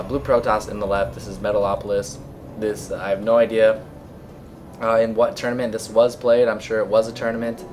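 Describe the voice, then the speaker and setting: Hoarse, raspy young male caster. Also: on the low side. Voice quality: raspy, throat-clearing. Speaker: esports caster. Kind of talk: relaxed game commentary.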